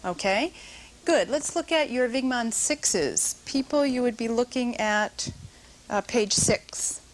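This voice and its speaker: A woman's voice: on the high side, animated, slow. A middle-aged woman teaching a dance notation class in a studio, coaching dancers and calling counts aloud.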